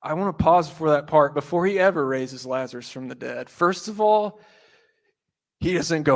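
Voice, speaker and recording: A man pastor giving a sermon, telling the story with animated voices and asides. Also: a little high, normal speed. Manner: animated storytelling, acting out quotes.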